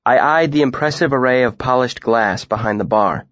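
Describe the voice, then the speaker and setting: A man narrating a story in the first person, in an even, measured way. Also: mid-range voice, no room sound, highs cut off. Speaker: audiobook narrator.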